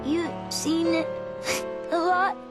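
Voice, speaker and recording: A very high, earnest young girl. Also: little pitch movement, takes it slowly, loud music behind the voice. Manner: earnest, emotional.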